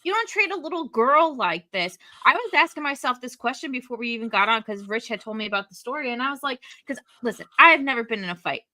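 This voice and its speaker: A woman's voice: on the high side, animated, fast talker, few pauses, bright, forceful tone, no echo. A woman talking in a casual podcast chat, outspoken and swearing when upset.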